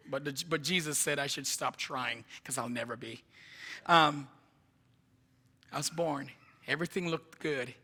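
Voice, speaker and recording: A man's voice: a little high, bright, forceful tone. A man from Jamaica preaching a testimony sermon, telling his story in a conversational way with asides to the audience. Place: church sanctuary. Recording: reverberant church hall.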